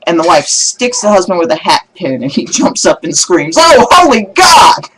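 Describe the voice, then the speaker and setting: A man telling religious jokes in a casual video blog, animated and laughing at his own punchlines. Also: fairly high pitch, moderate pace, a little hiss or hum, poor audio.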